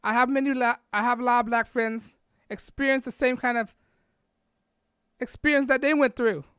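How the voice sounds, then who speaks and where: A woman's voice: fairly high pitch, fairly even intonation, normal speed, fairly bright tone, clear, resonant tone, no echo, clean studio sound. A woman hosting a podcast, delivering a blunt, rambling political rant, capping nearly every point with "right?" or "all right?". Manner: blunt and combative, repeats herself. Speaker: podcast host. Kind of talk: opinionated political rant monologue.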